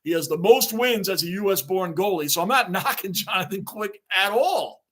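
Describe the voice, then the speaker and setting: A man's voice: high voice, expressive, normal speed, a bit bright. A man hosting a live sports reaction stream, chatting with viewers, greeting them by name and ranting about the game.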